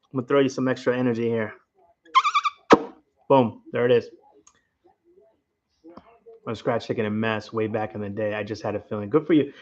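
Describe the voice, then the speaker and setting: Man, Rhode Island accent, chatty rambling livestream host, slightly dull lo-fi sound. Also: medium pitch. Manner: rambling, chatty, talks straight to viewers. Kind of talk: casual late-night livestream chat. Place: at home.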